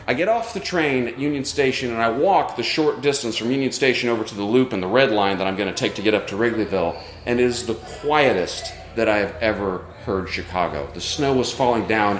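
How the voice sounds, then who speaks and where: Male live storyteller, earnest, reflective, animated pitch, roomy live sound. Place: live show at a brewery.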